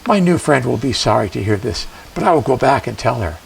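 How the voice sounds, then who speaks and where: A man voicing a kind, trusting young woman who speaks softly and gently. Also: mid-range voice, animated, fairly quick, gravelly, recorded from a distance, slight background noise, pitched below the performer's own voice, poor audio. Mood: gentle.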